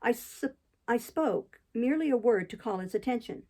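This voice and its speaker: Female audiobook reader, steady and measured, with a dark, mellow tone. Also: on the high side, poor audio. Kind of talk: audiobook narration.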